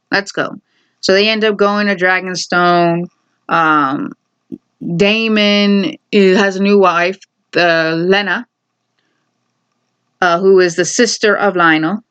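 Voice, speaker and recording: A woman giving a casual, opinionated recap of a TV episode, paraphrasing characters in quick asides. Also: fairly low pitch, a bit bright, clear, resonant tone. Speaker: TV recap vlogger.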